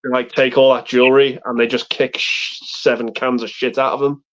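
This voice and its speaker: A man's voice: medium pitch, little pitch movement, brisk, fairly bright tone. Rambling, profane man with muffled sound. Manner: rambling, profane, acts out movie lines. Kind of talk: casual film chat on a live stream. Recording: muffled lo-fi stream audio.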